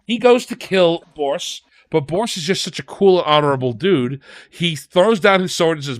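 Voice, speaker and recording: A man's voice: a little high, animated, moderate pace, fairly bright tone, dry recording. A man co-hosting a casual podcast, retelling legends and acting out the characters' lines. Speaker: podcast co-host.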